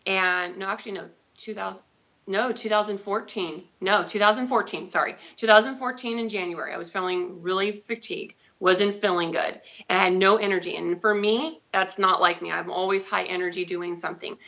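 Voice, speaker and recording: Woman, 30s, interview guest; gravelly, rambling storyteller on dull lo-fi audio. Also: mid-range voice, steady tone, a little fast, sharp tone. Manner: chatty, rambling with self-corrections. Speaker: guest, diabetes advocate. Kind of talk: personal storytelling in a live interview.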